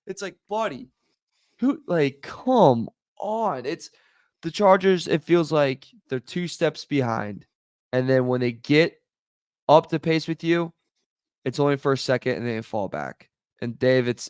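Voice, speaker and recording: A man's voice: medium pitch, lively intonation, a little slow, no room sound, studio quality. A man co-hosting a sports podcast who jokes and talks sarcastically in casual chat. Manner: joking, sarcastic, storytelling. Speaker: podcast co-host.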